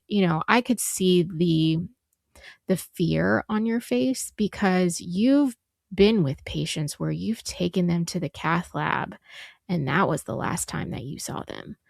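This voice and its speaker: A woman's voice: fairly low pitch, vocal fry, dry recording, clean studio sound. A middle-aged woman co-hosting a podcast, telling an emotional family story with lots of quoted dialogue. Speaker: podcast co-host. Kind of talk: conversational storytelling.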